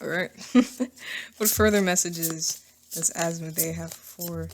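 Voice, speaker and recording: A woman's voice: on the low side, steady tone, slow, a little hiss or hum. A woman giving a casual tarot reading to camera, chatty and thinking aloud, often laughing at herself. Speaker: tarot reader.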